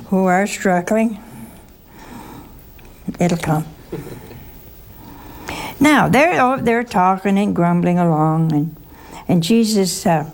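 Slow, gravelly older woman teaching. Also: mid-range voice, a little mellow, a little hiss or hum. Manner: chatty, teasing, asks the audience questions. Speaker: Bible study teacher. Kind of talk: sermon-style Bible teaching.

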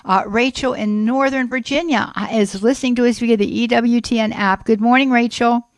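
A woman's voice: fairly high pitch, steady tone, moderate pace, no room sound. Earnest woman radio host praying. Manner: earnest, fervent, repeats phrases. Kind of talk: spoken prayer and call-in chat.

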